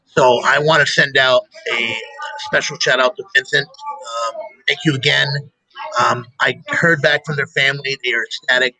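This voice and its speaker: A man hosting a show, chatting casually and telling animated stories with laughter. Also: mid-range voice, moderate pace, gravelly, no echo, rough recording. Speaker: show host. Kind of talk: casual chat.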